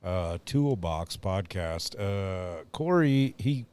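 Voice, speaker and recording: Slow, rambling male podcast host. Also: low voice, lively intonation, darkish tone, clean tone. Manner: rambling, filler-heavy, laughs often. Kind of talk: casual podcast chat.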